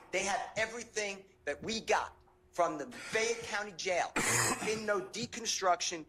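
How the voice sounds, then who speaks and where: A man's voice: high-pitched, pushed and bright. A man in his fifties, a defense attorney, arguing before a judge in an impassioned, indignant and pleading way. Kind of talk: courtroom argument. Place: courtroom. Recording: echoey courtroom recording, faint noise.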